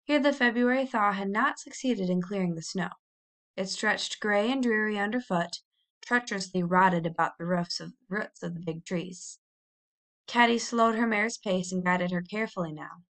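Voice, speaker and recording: A woman reading a children's novel aloud in a measured, expressive storybook narration. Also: mid-range voice. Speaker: audiobook reader.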